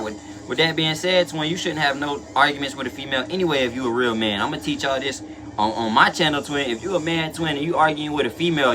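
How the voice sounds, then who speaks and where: A young man hosting a reaction video, talking casually in slang and rambling to his chat. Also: a little high.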